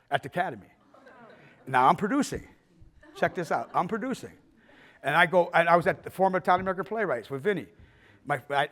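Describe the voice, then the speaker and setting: An older man tells stories from his filmmaking life in a loose, animated way, swearing freely and acting out the people in them. His voice sits a little high for a man. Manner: animated, profane, acts out scenes in voices. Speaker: filmmaker giving a festival talk. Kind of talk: casual storytelling talk.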